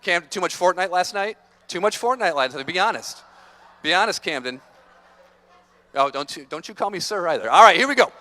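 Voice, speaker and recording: Playful, energetic male motivational speaker. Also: sits high, brisk, long pauses. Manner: energetic, playful, teases the audience. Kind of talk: motivational talk to students. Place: large conference hall.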